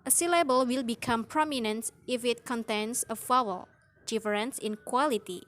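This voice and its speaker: A young woman student giving a class presentation, reading carefully and slowly, pausing on example words. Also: fairly high pitch, fairly bright tone. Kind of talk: read-aloud class presentation.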